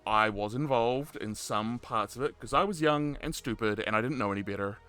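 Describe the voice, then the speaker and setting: A man's voice: medium pitch, brisk, sharp tone, clean tone. A man in his thirties hosting a casual interview, telling stories with lots of animation, jokes and laughter. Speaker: podcast host and roleplay community admin.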